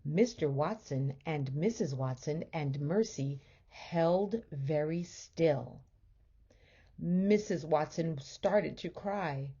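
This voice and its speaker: A woman teacher reads a children's book aloud in a gentle, expressive voice. She is low and mellow, a little husky, and moves slowly with a lively melodic lilt. The recording sounds muffled and lo-fi. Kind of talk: storybook read-aloud.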